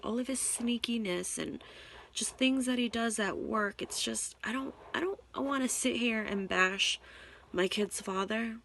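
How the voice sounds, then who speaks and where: A young woman talking straight to her camera in an emotional confessional vlog, tearful and halting, repeating herself and sighing. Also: fairly high pitch, vocal fry, a bit bright, slight background noise. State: tearful, on the verge of crying. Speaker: vlogger. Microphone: camera mic.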